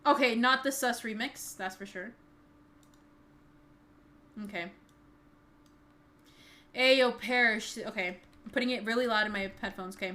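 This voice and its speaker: A woman live streamer chatting casually, singing along to songs and breaking into loud excited outbursts. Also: fairly high pitch, normal speed, pauses often, a little hiss or hum. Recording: loud music over the voice. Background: loud pop music playing.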